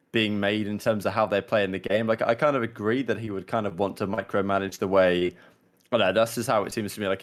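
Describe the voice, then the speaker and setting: A young man co-hosting a casual esports podcast, rambling and thinking aloud with lots of fillers. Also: lowish voice. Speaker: podcast co-host. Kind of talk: casual esports talk show chat.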